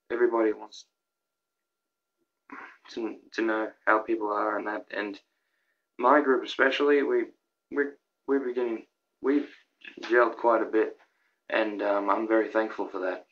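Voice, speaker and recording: A young man rambling excitedly through a countdown of his own videos, with lots of restarts and fillers. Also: fairly low pitch, moderate pace, long pauses, highs cut off. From Australia. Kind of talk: casual vlog commentary.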